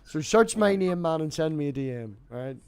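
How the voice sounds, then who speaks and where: A man with an Irish border accent who talks fast and animatedly while hosting an open live-stream room, stoned. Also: fairly high pitch, lively intonation, a little mellow. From Ireland, border area. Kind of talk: casual live-stream chat.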